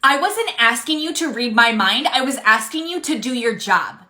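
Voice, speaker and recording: A woman's voice: a little high, lively intonation, moderate pace, bright, forceful tone. A woman playing a rude, entitled female customer who accuses and talks over a cashier in a comedy skit. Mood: indignant. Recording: echoey room.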